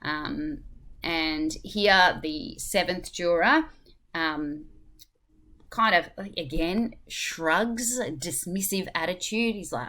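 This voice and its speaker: Low-voiced teacher explaining a play. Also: female voice, a little slow, sharp tone. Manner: thoughtful, explanatory, hesitant fillers. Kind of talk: spoken literature lesson.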